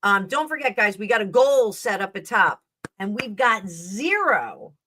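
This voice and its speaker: A middle-aged woman hosts a live tarot stream in a loose, rambling way. She chats with viewers, drifting between topics and correcting herself. Her voice sits at an ordinary middle pitch. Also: sing-song, unhurried, a bit bright, slight background noise. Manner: chatty and rambling, with frequent fillers and self-corrections. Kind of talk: casual live-stream chat and tarot reading.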